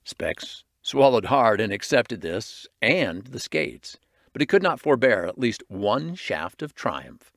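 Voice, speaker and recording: Man narrating with a lively voice. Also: on the low side, slow pace, vocal fry, no echo, studio quality. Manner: expressive, varied reading. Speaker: audiobook reader. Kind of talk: storybook narration.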